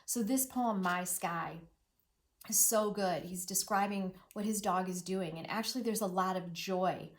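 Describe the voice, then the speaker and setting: Expressive woman teacher reading aloud. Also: medium pitch, unhurried. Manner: expressive, drops to a hushed near-whisper at sad moments; repeats words rhythmically, echoing the poems. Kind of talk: read-aloud lesson for children.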